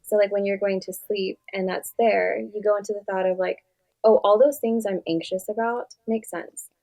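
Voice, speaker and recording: A woman's voice: medium pitch, steady tone, moderate pace, vocal fry, dark tone. A young woman therapist speaking casually in an interview, animatedly acting out conversations with her clients. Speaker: therapist guest.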